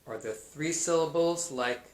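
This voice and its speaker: A male teacher giving a recorded math lesson to young children, speaking slowly and sounding out names syllable by syllable. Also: fairly high pitch. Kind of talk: kindergarten math video lesson. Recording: echoey room, faint noise.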